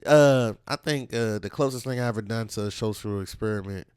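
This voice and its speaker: A man's voice: fairly low pitch, a little fast, darkish tone, clean tone, no echo. A Texan man hosting a comedy podcast, spinning loose, profane anecdotes. He acts out the voices of the people in his stories. His voice is close and dry, with no room sound around it. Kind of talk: casual chat.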